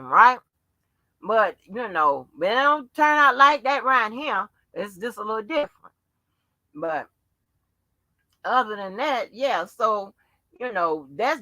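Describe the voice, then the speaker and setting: A woman speaks casually and profanely to her viewers, with a lot of restarts and fillers before she gets heated. Her voice is bright and forward. The recording is dry and close, with no room sound. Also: a little high, animated, takes it slowly, dry recording. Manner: rambling with many restarts and fillers. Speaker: channel host. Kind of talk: casual livestream rant.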